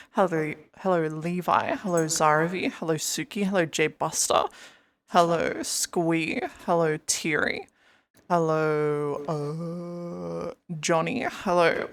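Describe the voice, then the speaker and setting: A woman's voice: lowish voice, fairly bright tone. A young woman live-streaming in casual chat, rambling and greeting her viewers by name over a headset mic.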